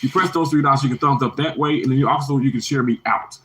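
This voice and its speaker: A man in his thirties giving an earnest motivational livestream talk to his viewers, repeating himself and greeting chat in a higher voice. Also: fast, a bit bright, rough recording. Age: 30s.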